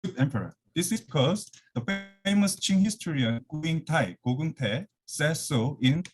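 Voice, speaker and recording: With faint music behind him, a guest lecturer from Korea speaks in a slightly high voice with lively intonation at normal speed. Korean is his first language, and he gives an academic lecture over video call from his office, a bit out of breath, restarting often and using many fillers.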